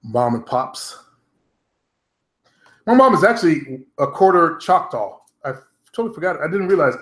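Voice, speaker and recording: A man's voice: fairly high pitch, very animated, moderate pace, fairly bright tone. Blunt, profane middle-aged man, roomy sound. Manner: blunt and profane, talks to viewers directly. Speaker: vlogger. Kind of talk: casual rambling monologue. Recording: roomy echo.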